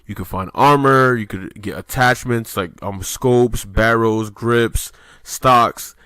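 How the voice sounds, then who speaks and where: A man's voice: fairly low pitch, a bit bright, dry recording, studio quality. A man co-hosting a podcast in loose casual chat, rambling with lots of fillers and swearing. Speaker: podcast co-host.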